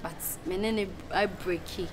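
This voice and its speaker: A woman in casual chat, speaking hesitantly and pushing back with halting words. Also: on the low side, steady tone. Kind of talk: casual chat mixing pidgin and Twi. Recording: noisy recording.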